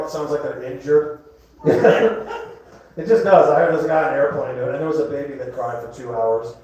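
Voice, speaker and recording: A man in his fifties doing a rambling stand-up set in a comedy club, now and then shouting a punchline. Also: on the high side. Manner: rambling, jokey, breaks into shouted bits. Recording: echoey club recorded from far off. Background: laughing crowd.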